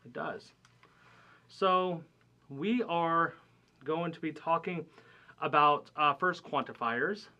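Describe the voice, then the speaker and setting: A young man teaches a logic lesson in a loose, chatty style, often checking in with his listeners. His voice sits a little on the high side for a man, and at times he drifts away from the camera mic. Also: takes it slowly, long pauses, bright, forceful tone, lo-fi sound. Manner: conversational, many fillers and checks like "right?". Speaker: math instructor. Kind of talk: recorded classroom lecture.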